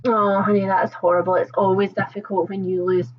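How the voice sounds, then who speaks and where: A woman with a softened Scottish accent hosting a casual book livestream, chatting warmly with viewers, reading out their comments and laughing often. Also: mid-range voice, flat delivery, fairly quick, muffled recording, slight background noise. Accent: Scottish, toned down. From Scotland. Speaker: book channel host.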